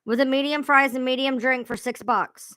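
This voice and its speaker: A woman rambles to her live-stream viewers in a high, bright voice. She talks casually, swears freely and laughs at herself. The sound is close and dry. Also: fairly even intonation, moderate pace, dry recording. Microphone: own streaming mic sounding odd.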